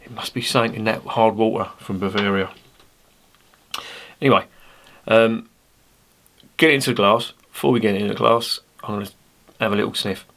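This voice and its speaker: Bloke rambling on about a beer, lowish voice, jokey asides. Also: male voice, steady tone, fairly quick, creaky, long pauses, a bit bright. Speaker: beer reviewer. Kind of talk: casual beer review to camera.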